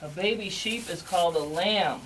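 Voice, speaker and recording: A man speaking as a farmer who presents to children, cheerful and animated, explaining farm animals outdoors. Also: sits high, moderate pace, slight background noise. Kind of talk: scripted children's educational presenting.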